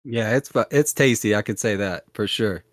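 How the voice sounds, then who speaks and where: Easygoing podcast host. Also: male voice, fairly low pitch, moderate pace, dry recording, clean studio sound. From Alabama, US. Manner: easygoing, asks questions, agreeable. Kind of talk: casual interview.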